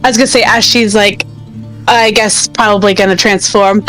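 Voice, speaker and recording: A woman playing a tabletop game, bubbly and excitable as she describes her character. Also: medium pitch, moderate pace, soft background music, low-quality recording. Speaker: player. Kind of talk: tabletop role-play.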